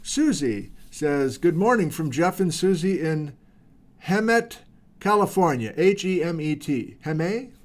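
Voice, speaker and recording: A middle-aged man with a slightly higher voice runs a casual livestream. He greets viewers one by one and tosses in playful, friendly asides. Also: animated, measured pace. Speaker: geology livestream host.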